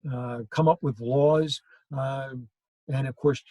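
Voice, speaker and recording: A man's voice: mid-range voice, fairly even intonation, slow pace, mellow, dry recording, poor audio. A male history teacher giving a classroom lecture, telling stories and acting out quoted lines. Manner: storytelling, acts out quoted lines.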